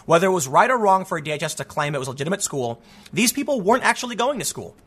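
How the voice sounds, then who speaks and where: A man hosts his own commentary show in a somewhat raised, bright and forceful voice. He talks conversationally, circling back with restarts and asides as he weighs both sides of an issue. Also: sits high, big pitch swings, rapid-fire, slightly rough. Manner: conversational, thinks aloud with frequent restarts and asides. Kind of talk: casual opinionated commentary.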